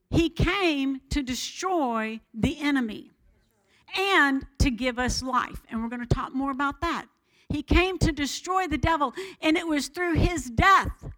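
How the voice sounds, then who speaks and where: A woman pastor preaching a sermon, animated and expressive, shifting her voice loud and soft as she teaches. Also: sits high, poor audio.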